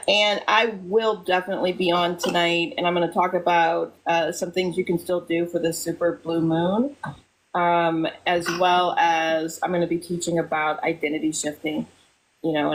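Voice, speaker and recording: A woman teaching casually as a spiritual coach on a live stream, chatty with frequent fillers, softly reciting mantras. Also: on the low side, level tone, a little slow.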